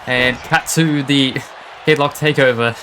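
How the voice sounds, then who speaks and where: A man doing live play-by-play wrestling commentary, reacting with quick gasps and exclamations. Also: medium pitch, fairly even intonation, crowd noise, rough recording.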